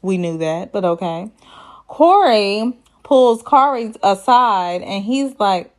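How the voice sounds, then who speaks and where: A woman's voice: medium pitch, lively intonation, slow, darkish tone. A woman hosting a casual reality TV recap, sassy and chatty, laughing at her own jokes and quoting people in put-on voices. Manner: quotes cast members in put-on voices.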